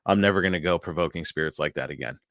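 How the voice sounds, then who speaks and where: A young man with a very low voice hosts a solo podcast and talks through what happened to him in an easygoing way. He swears freely and often laughs at himself. The sound is dry and close, with no room around it. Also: racing, a bit bright, dry recording. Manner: loose and profane, laughing often at his own stories. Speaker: podcast host. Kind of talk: casual solo podcast storytelling.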